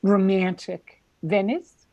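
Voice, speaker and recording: A woman's voice: mid-range voice, slow pace, warm tone, no echo. A woman reading the role of a playful British man who teases and plays with words, over a video call. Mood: teasing. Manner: teasing, wordplay, grand flourishes. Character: playful British man, teasing would-be poet.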